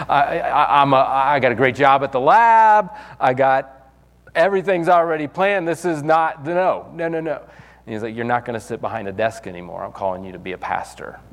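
A man's voice: medium pitch, long reverb tail. A man preaching as a pastor, telling a personal story casually with many restarts and fillers. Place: church sanctuary.

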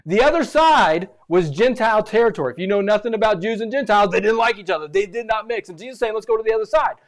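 A man preaching a sermon as pastor, animated and repeating phrases for emphasis. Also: high-pitched, fast.

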